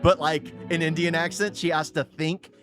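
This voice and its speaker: A man's voice: a little high, fairly even intonation, moderate pace, music in the background. A man giving casual, off-the-cuff reaction commentary, rambling and repeating phrases for emphasis. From United States. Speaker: reaction video host.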